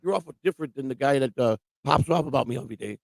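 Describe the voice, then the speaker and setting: Man, gravelly voice, profane rambling rant, livestream host, dry close sound. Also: mid-range voice, racing, a little mellow, no echo. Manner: profane, rambling, quotes people mockingly. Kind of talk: casual ranting chat. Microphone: livestream microphone.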